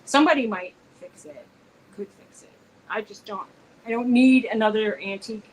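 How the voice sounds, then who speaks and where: A woman's voice: a little high, fairly quick, slight background noise, poor audio. A woman co-hosting a casual chat between friends, telling rambling stories full of restarts. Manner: rambling storyteller, restarts often. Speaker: co-host.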